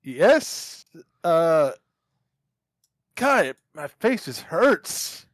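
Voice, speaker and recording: A man's voice: fairly high pitch, very animated, drawn-out words, no room sound, clean studio sound. A man playing a tabletop game, laughing and cracking jokes at the table. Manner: laughing, wisecracking. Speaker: player. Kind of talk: casual tabletop banter.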